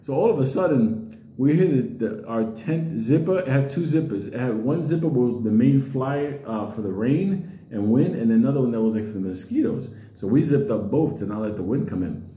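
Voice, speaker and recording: Animated, profane man telling a story. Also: moderate pace. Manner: profane, acts out voices with big pitch jumps. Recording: roomy echo.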